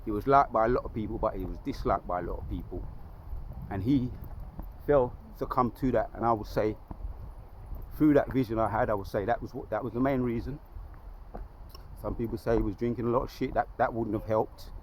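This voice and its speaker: A man's voice: medium pitch, a little fast, a little hiss or hum. A man preaching outdoors by a lake in an emphatic, repetitive way, often restarting his sentences and quoting scripture. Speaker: street preacher.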